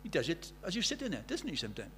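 A man preaching a sermon, animated and rhetorical, asking the congregation questions and acting out the voices he quotes. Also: a little high, very fast, a little hiss or hum.

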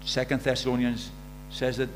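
A man's voice: medium pitch, completely flat delivery, normal speed. A man preaching a sermon in a conversational way, asking the congregation rhetorical questions. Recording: faint mains hum.

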